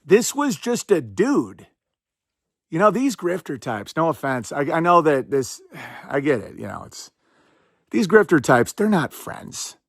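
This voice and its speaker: A male podcast host with a somewhat high, creaky, slightly rough voice and big pitch swings rambles through sarcastic casual commentary packed with quick asides. The audio is dry and close, with no room echo.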